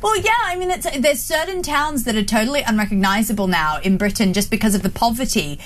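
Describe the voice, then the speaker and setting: A woman's voice: a little high, expressive, fast. A woman, a guest commentator on a talk show, speaking earnestly and agreeably. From Australia.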